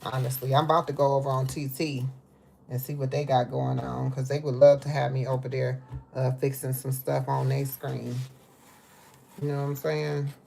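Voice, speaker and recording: Chatty low-voiced woman cooking live. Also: little pitch movement, moderate pace, creaky, mellow, a little hiss or hum. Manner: chatty, talks to viewers, drawls "baby" and "y'all". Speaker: livestream host. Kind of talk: casual live cooking chat. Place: home kitchen.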